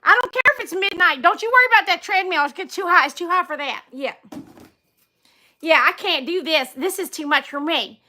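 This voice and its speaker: A woman playing a sassy, exasperated woman calling for air-conditioning help in a comedic phone-call skit, with brassy shouting bursts. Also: very high-pitched, expressive, a little fast, heavily acted. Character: sassy loud woman calling about broken AC.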